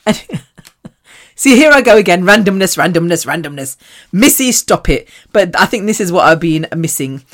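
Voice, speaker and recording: Lower-pitched and expressive, this British podcast host speaks a little slowly and pauses often. Alone at the mic, she addresses listeners in a candid, rambling, self-mocking monologue, swearing casually.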